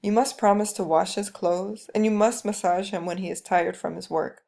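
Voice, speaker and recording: A woman's voice: mid-range voice, steady tone, normal speed, creaky, darkish tone, natural voice. A woman reading the lines of a stern, traditional mother who gives firm advice in a lecturing way.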